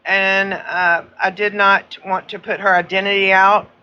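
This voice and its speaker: A woman's voice: medium pitch, level tone, a little slow, sharp tone, clean tone, highs cut off. A woman hosting a live stream, chatting casually and repeating her points insistently. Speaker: livestream host.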